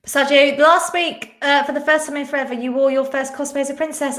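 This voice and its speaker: A woman's voice: sits high, brisk, hardly any pauses, a bit bright. A woman hosting a live-stream quiz, chatting casually and reading out viewers' names and answers. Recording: echoey room.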